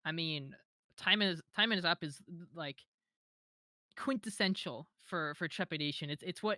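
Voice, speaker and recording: A woman's voice: on the low side, unhurried, sharp tone, no echo, studio quality. A young woman talking casually as an interview guest, hesitant with many fillers and restarts, giggling now and then. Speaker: modpack creator, interview guest.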